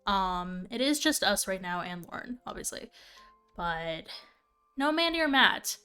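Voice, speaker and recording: Young woman, relaxed gameplay streamer, unhurried chatter over faint music. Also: mid-range voice, clear, resonant tone. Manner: chatty, thinking aloud with fillers. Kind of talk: casual gameplay commentary.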